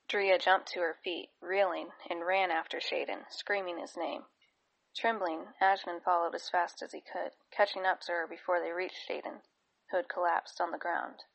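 A woman narrating a fantasy novel in a steady, even storytelling manner. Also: lowish voice, gravelly, muffled recording. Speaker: audiobook narrator. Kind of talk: scripted narration.

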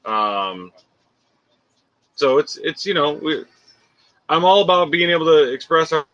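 Bright, lively man hosting a live podcast. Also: a little high, unhurried, dry recording, highs cut off. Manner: joking, laughs often, swears casually. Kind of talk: casual chat reading viewer comments.

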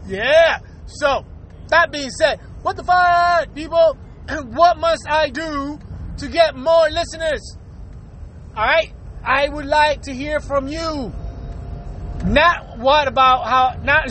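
A man from the United States hosting a podcast, delivering a profane, animated comedic rant and laughing often. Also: extremely high pitch, a little hiss or hum, rough recording. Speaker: podcast host.

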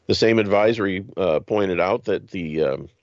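A man's voice: deep voice, normal speed, dry recording, highs cut off. A man hosting a show, reading news items aloud and breaking in with mocking, chuckling asides. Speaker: podcast host.

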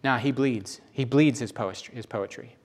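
Emphatic male preacher, mid-pitched. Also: moderate pace, slightly rough. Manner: emphatic, repeats phrases, swings between loud and hushed. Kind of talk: sermon.

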